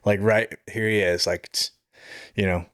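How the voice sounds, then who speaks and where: A man with a fairly low voice chats casually on a podcast, spinning a night-out story and slipping into quoted voices with bursts of laughter. The sound is close and dry, with no room around it. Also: a little slow, no room sound. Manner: animated, laughs while telling stories, acts out quotes. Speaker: podcast co-host.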